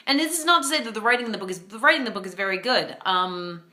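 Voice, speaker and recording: Bright-voiced chatty young woman vlogger. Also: medium pitch. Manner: chatty and animated, with playful emphasis and quick asides. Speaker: book vlogger. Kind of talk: casual chat.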